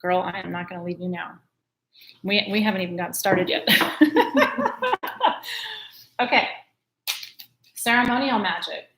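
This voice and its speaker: A woman's voice: fairly low pitch, fairly even intonation, fairly quick, long pauses, a bit bright, a little hiss or hum. A woman hosting a live-stream sale, chatting in a gushing way and laughing often. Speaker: host selling crystals. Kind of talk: live-stream sales chat.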